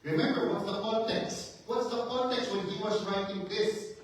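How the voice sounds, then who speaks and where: A male pastor preaches in a church sanctuary with a high, fairly even voice at normal speed, firing off emphatic rhetorical questions and building to fervent intensity. The mic sits at a distance in a very echoey hall, with slight background noise.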